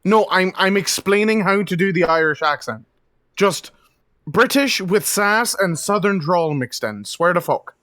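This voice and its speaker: An excitable man, a player in casual chat, swearing freely. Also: sits high, unhurried, no room sound.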